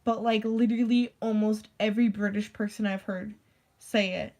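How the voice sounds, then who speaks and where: A young woman chatting casually to camera in a middle-pitched voice. She rambles, stacks "like" fillers and swears offhandedly. Her delivery is loose and conversational. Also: fairly even intonation, normal speed, a little mellow. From United States. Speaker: vlogger. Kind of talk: casual rant.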